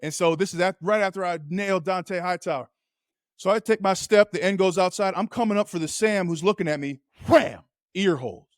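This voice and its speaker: Male podcast co-host and former player, slightly high-pitched, animated storyteller, dry close-miked sound. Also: fairly quick, dry recording. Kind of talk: casual chat.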